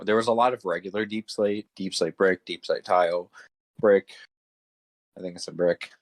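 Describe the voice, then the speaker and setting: A young man co-hosting a podcast in relaxed, joking casual chat, often trailing off mid-sentence. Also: sits low, moderate pace, no room sound. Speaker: podcast co-host.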